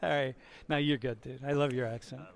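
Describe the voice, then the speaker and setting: A man from Ohio lecturing a university class in a large hall, chatty and teasing, with quick restarts. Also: medium pitch, steady tone, vocal fry. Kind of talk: casual classroom banter.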